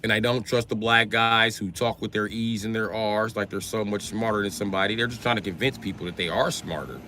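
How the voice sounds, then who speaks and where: A brash American man in African American Vernacular English, hosting a casual livestream rant. His voice is piercingly bright and sits a little low. He swears freely and swings between loud outbursts and low mutters. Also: fairly even intonation, brisk, a little hiss or hum. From United States. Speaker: livestream host.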